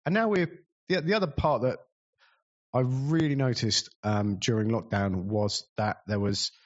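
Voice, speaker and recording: A man's voice: fairly low pitch, unhurried, dull audio. A man telling a rambling, self-deprecating story about organizing community events, full of fillers. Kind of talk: casual storytelling talk.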